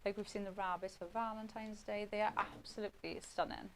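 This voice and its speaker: Woman, craft demonstrator, gravelly, easy chatty commentary while she works. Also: medium pitch, steady tone, brisk, background noise. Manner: chatty running commentary while working with her hands.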